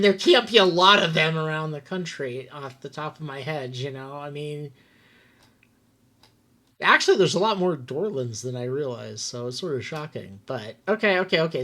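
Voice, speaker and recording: A woman co-hosting a casual podcast chat, teasing and cutting in with deadpan jokes. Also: sits low. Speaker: podcast co-host.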